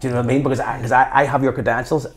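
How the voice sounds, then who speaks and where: Belfast guy in his fifties, talks fast, fired up, tells stories and does the voices. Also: medium pitch. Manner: passionate, animated storyteller who acts out quotes. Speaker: guest. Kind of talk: conversational interview.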